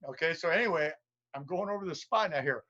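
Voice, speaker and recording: A man tells a long story as a guest on a live video stream, acting out voices and sounds along the way. His voice sits a little high for a man. The stream audio is muffled and lo-fi. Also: quick pace. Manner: animated storyteller who acts out voices and sounds. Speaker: guest gold prospector.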